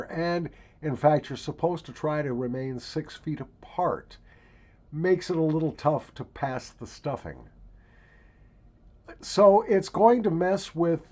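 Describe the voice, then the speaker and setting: A man talks straight to the camera in a wry, rambling way. His pitch leaps around, loud and hammy one moment and low and musing the next. The home recording sounds dull and lo-fi. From Minnesota. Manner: wry, mock-grandiose, swings from loud hamming to quiet musing. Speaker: vlog host. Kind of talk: casual rambling monologue to camera.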